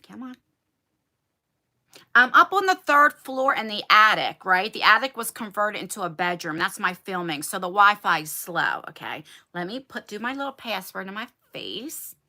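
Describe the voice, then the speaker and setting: A woman chatting casually with viewers during a livestream, animated and talkative, speaking from a converted attic bedroom. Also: medium pitch, moderate pace. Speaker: beauty YouTuber.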